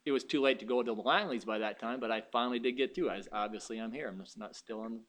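A man preaching a sermon, telling stories and swinging from quiet asides to loud, high exclamations. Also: quick pace. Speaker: pastor.

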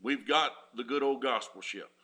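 A man's voice: mid-range voice, normal speed, bright, forceful tone. A man preaching a sermon as pastor, folksy and rising in fervor.

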